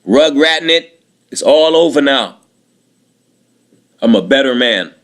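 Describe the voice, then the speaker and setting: A man's voice: mid-range voice, expressive, measured pace, a bit bright. A man in his late thirties giving a bitter, aggrieved personal monologue, repeating himself and swearing often. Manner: bitter, aggrieved, repetitive, profane.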